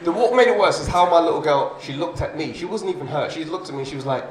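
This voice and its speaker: A young man doing a stand-up comedy set, chatty and animated, often asking "you know what I mean?". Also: a little high, quick pace. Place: comedy club stage. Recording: echoey club, far from the mic, loud noise and crowd.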